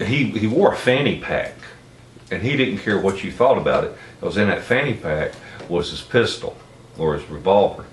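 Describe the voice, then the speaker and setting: A middle-aged man from Tennessee tells a casual, rambling anecdote, folksy and blunt, in a Southern accent. His low voice is expressive and moves at normal speed. Slight background noise fills the roomy recording, captured on a distant mic.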